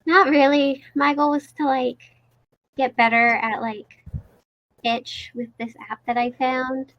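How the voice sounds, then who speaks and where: A woman's voice: high-pitched, flat delivery, takes it slowly, muffled recording. A woman talking hesitantly in a casual group chat, with fillers between her words.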